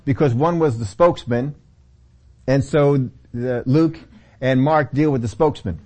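A man's voice: medium pitch, measured pace, a little mellow. Man teaching a Bible study sermon. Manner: conversational teaching, repeats key phrases.

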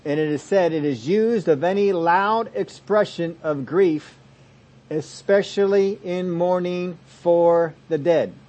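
Male pastor preaching and teaching; fairly high voice, emphatic then hushed. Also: slow. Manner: expository preaching, swings from loud emphasis to soft asides. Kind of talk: sermon.

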